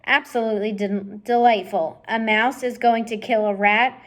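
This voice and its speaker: A woman's voice: fairly high pitch, steady tone, normal speed, natural voice. A woman doing a gloating, cruel old rat. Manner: gloating, theatrical. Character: old cruel rat who relishes suffering.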